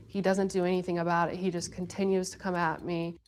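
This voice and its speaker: Low, flat-voiced woman recounting events. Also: brisk, a little hiss or hum. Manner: earnest, narrative, repeating herself. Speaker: interviewee. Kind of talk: recounting in a TV interview.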